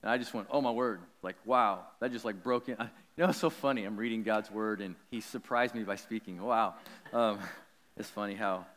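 A man preaching a sermon, telling a personal story in an animated, chatty way with lots of likes and ums. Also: on the low side, normal speed, long reverb tail. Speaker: pastor.

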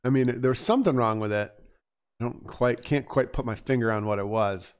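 A man in casual chat, rambling and teasing with a lively back-and-forth manner. His voice sits at a middling pitch for a man. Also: brisk, clean tone. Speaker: podcast co-host reviewing bagpipe submissions.

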